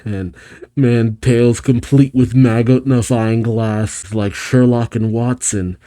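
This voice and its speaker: A man casually reading a comic aloud and reacting to it, chatty and quick to laugh. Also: mid-range voice, steady tone, warm tone. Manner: chatty, laughs often, narrates panels.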